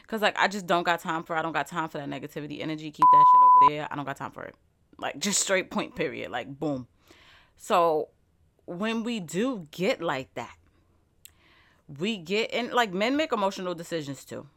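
A young woman chatting straight to her viewers in an animated, emphatic way. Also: on the low side, moderate pace, slight background noise. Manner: animated, emphatic, speaks straight to the audience with lots of "like". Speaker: vlogger and podcaster. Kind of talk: casual motivational chat to viewers.

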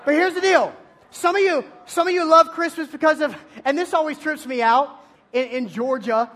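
Youth pastor, man, very high voice, animated and playful, preaching to teens. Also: moderate pace. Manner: animated, playful storytelling with loud bursts. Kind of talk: energetic youth sermon.

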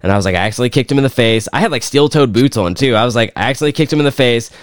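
Young dude rambling thru a story on a podcast, smooth voice, dry close sound. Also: male voice, medium pitch, animated, rapid-fire, dry recording. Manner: rambling storyteller, swears often. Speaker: podcast co-host. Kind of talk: casual chat.

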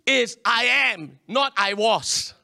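Animated high-voiced preacher man. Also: takes it slowly, dry recording, clean studio sound. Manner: animated preaching, calls to the congregation. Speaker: pastor. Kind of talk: sermon.

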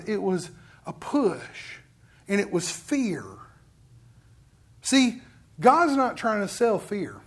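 A man preaching a sermon in a conversational storytelling way, acting out what other people say. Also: very high voice. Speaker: pastor.

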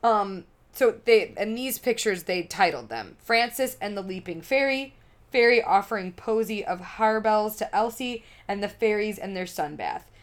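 A woman spinning a rambling story on a podcast, swearing freely and breaking into giggles. Her voice sits at an ordinary middle pitch, loose and unpolished. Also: expressive, normal speed. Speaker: podcast co-host. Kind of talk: casual chat, storytelling.

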